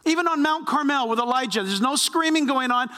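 Bright high-voiced male preacher. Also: a little fast, long reverb tail. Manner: animated, acts out quoted voices. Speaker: pastor. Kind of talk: sermon.

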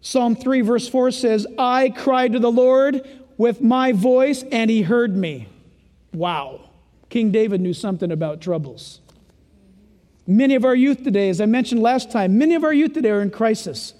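An older man preaching a sermon as pastor, animated and playing out the voices of his listeners. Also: very high-pitched, normal speed. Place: church. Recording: long reverb of a church hall.

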